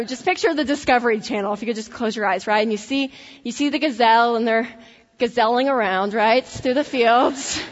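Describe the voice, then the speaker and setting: High-voiced woman with a Tennessee accent. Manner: energetic, animated, laughing asides. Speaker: speaker addressing college students. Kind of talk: motivational faith-based talk. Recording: echoey hall, dull lo-fi sound.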